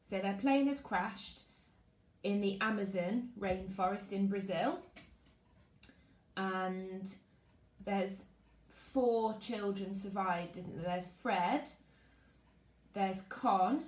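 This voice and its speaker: A woman's voice: mid-range voice, slow. Lady teacher streaming from home, chatty, says hi to kids, roomy echo. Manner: lively, greets pupils, reads out comments. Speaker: primary school teacher. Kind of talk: live-streamed class chat and read-aloud. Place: at home, living room. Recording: echoey room.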